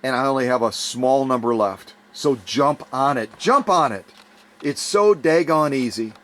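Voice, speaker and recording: Hoarse, urgent man pitching donations. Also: normal speed. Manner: urgent, pleading, repetitive. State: voice going hoarse. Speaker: YouTube channel host. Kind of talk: enthusiastic fundraising appeal.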